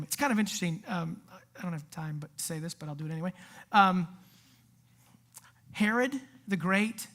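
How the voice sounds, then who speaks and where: A woman preaching a sermon in a casual, animated way, full of asides and acted-out quotes. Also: on the low side, moderate pace, pauses often. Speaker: youth pastor.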